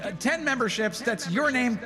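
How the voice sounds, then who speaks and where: A high-pitched man hosts a live stream, his voice going hoarse as he reads out names in quick, excited bursts. Faint music plays behind him. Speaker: livestream host.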